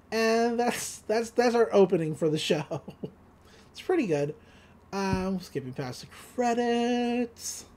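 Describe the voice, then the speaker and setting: A woman co-hosting a podcast, casually recapping a cartoon episode, laughing often and slipping into quick voices for the quotes. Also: a little high. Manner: giggly, animated retelling with quick voices for quotes. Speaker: podcast co-host.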